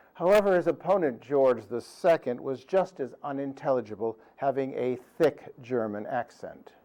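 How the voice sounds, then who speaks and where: A man giving a humorous history lecture with songs, delivering deadpan punchlines in a dry, pedantic way. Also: medium pitch, poor audio. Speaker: performer of a musical history talk.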